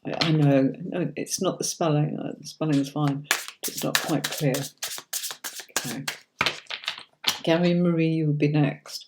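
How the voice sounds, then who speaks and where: On a livestream with a noisy background, a middle-aged woman gives casual tarot readings in a low voice. She keeps a moderate pace but pauses often, reading viewers' comments aloud and answering them by name, frequently calling them sweetie or darling.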